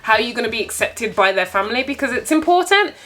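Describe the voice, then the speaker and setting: A young woman tells a dating story to her viewers. Her voice is bright and a touch high. She sounds candid and animated, often breaking into laughs. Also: quick pace. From United Kingdom. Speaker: vlogger. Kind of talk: casual storytime.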